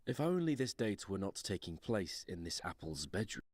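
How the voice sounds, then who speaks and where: An actor voicing a grumpy talking apple in a baby nightcap, with a deep adult voice and a dry, deadpan delivery in an animated game trailer. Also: male voice, moderate pace, no room sound.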